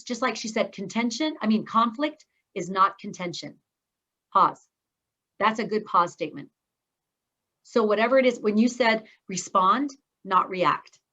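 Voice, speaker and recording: A woman speaking coach teaching an online course, talking fast and breaking it up with pauses and stressed words. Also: medium pitch, fairly bright tone, dull audio. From Scotland. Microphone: video call.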